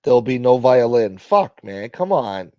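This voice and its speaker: A man hosting a casual livestream, thanking donors and shouting out viewers by name in a profane, joking way. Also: medium pitch, very animated, measured pace, no room sound, dull audio. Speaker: livestream host. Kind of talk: casual live chat reading donations.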